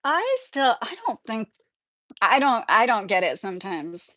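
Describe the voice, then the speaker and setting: A woman's voice: on the high side, very animated, unhurried, a bit bright, no room sound, clean studio sound. A woman from New Jersey hosting a livestream, chatting casually and reading viewer comments, rambling and laughing often. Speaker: livestream host.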